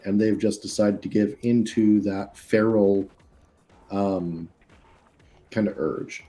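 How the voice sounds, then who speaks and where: A man running a tabletop game over a video call, explaining the rules in a relaxed, rambling way. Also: on the low side. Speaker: game master.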